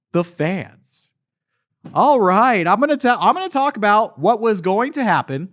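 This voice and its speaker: A man's voice: high-pitched, fairly bright tone. A middle-aged man playing a cancelled, self-pitying voice actor who rambles and repeats himself in showman patter at a convention panel. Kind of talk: comedic character monologue at a panel.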